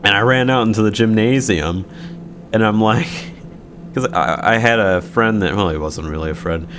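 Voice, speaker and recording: A man's voice: lowish voice, normal speed, fairly bright tone, a little hiss or hum. A young man casually telling a story from his school days, sarcastic, swearing freely and laughing often.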